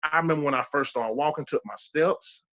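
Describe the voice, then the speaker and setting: A man's voice: on the high side, brisk, a bit bright, highs cut off. A man in his thirties telling his personal survival testimony as a podcast guest, emphatic and repeating key phrases for weight. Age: 30s.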